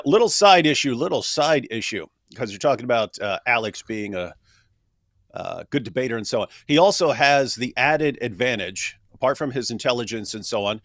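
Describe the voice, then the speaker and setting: A man talks loosely on a livestream, drifting from point to point with a joking edge and plenty of restarts. His voice sits at an ordinary middle pitch. The sound is dry and close, as over a remote call. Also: fairly bright tone, no room sound. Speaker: co-host of livestream. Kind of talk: casual livestream discussion.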